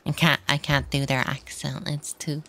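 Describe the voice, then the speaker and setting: A woman's voice: sits low, little pitch movement, normal speed, fairly bright tone, slight background noise. A woman streamer giving playful, chatty commentary while she plays, often talking to the game's characters. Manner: chatty, playful, talks to the game. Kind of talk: casual gameplay commentary. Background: game music.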